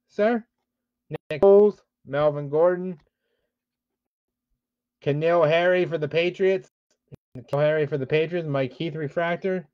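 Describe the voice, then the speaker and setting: On a dull, dry, lo-fi recording, a man with a fairly high, slightly mellow, clean voice runs a live-streamed card break. He opens packs and names the players, lays out the shipping rules for viewers, and admits his frustration.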